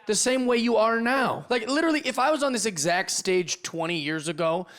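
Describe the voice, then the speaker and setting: High-pitched ranting stand-up comedian. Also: male voice, a little fast. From Seattle, USA. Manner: energetic, ranting, frequent restarts and "right?". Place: comedy club stage. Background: audience laughter.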